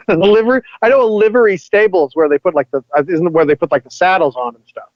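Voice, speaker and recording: A man's voice: high voice, quick pace, no room sound. A man casually riffing on a film with friends, sarcastic and jokey, laughing often. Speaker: comedy podcast co-host. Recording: dull, lo-fi audio.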